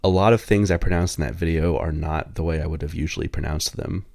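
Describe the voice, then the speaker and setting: A man co-hosting a podcast in casual chat, relaxed and explaining things at length. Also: rumbling low, fast, creaky, no room sound, studio quality. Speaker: podcast co-host.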